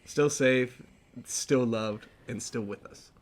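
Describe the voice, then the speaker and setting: A young man co-hosting a casual podcast in a medium-pitched voice. He laughs a lot and rambles with fillers, then drifts into sincere reflection. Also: takes it slowly. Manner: laughs often, rambling with fillers, earnest at times. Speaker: podcast co-host. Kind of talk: casual chat.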